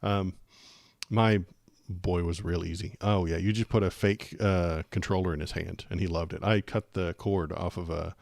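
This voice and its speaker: Deep-voiced rambling male streamer. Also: steady tone, moderate pace, creaky, a little mellow, no room sound, studio quality. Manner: rambling, joking, lots of fillers. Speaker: political livestream host. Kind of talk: casual livestream chat.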